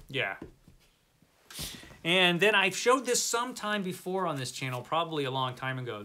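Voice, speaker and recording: A man's voice: medium pitch, bright, forceful tone. A man hosting a casual book tour video, chatting in a rambling, self-deprecating way. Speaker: book channel host.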